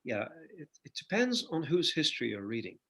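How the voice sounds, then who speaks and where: Gravelly, husky older man telling stories. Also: fairly high pitch, sing-song, fairly quick, a bit bright. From Ireland. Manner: storytelling, reflective with hesitant fillers. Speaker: guest musician. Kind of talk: interview chat.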